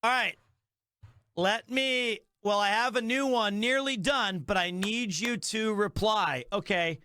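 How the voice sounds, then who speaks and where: A man's voice: high voice, slow, bright, forceful tone, smooth, no room sound. A man chatting casually on a live stream, enthusiastic and rambling, often restarting his sentences.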